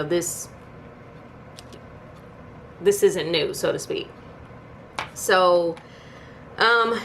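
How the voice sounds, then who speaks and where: A woman's voice: lowish voice, a bit bright, a little hiss or hum. Chatty woman recapping a TV episode. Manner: chatty storytelling with incredulous asides. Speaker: YouTube TV reviewer.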